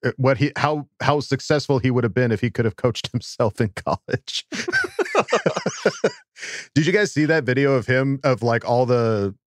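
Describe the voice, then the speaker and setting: A man's voice: medium pitch, normal speed, no echo, studio quality. A man hosting a casual sports podcast, laughing and rambling with many fillers. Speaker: podcast host.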